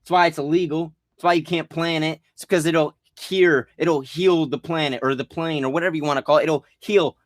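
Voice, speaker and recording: A vlogger with a somewhat high voice delivers a rambling conspiracy rant, brisk and with few pauses, his intonation fairly even. He swears freely and restarts sentences as he gets agitated and worked up. The recording is close and dry, with no room sound or echo.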